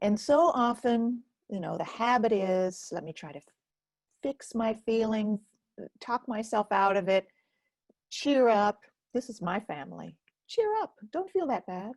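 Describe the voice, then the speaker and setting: A woman teaches a live self-care webinar, reading out the chat as she goes. She speaks slowly and gently, often sinking into a soft near-whisper. Her voice has a husky, gravelly texture, picked up dry and close on a computer mic. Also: mid-range voice, no room sound.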